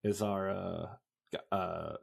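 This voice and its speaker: A man's voice: deep voice, slow, vocal fry, breathy edge. A young man co-hosting a casual sports podcast, swearing freely and telling stories with put-on voices. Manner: animated storyteller, swears often, puts on voices in anecdotes. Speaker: podcast co-host. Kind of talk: casual chat.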